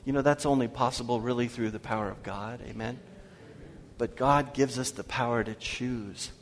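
A man preaching a sermon as pastor, asking his congregation questions and slowing down to read scripture aloud. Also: medium pitch, fairly even intonation, a little hiss or hum. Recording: long hall reverb.

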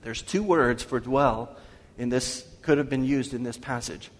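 A man preaching a sermon as pastor, asking his congregation questions and slowing down to read scripture aloud. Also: medium pitch. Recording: long hall reverb.

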